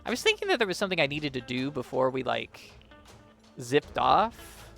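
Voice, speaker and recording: A man's voice: medium pitch, sing-song, normal speed, vocal fry, sharp tone, faint music behind. A man giving casual let's-play commentary, chatty and a bit profane, laughing at himself. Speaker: game streamer.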